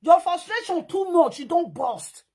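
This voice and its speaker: A woman with a Nigerian Pidgin accent giving an animated, scolding commentary rant. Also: very high-pitched, measured pace. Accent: Nigerian Pidgin English. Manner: scolding, animated, mimics and sing-songs.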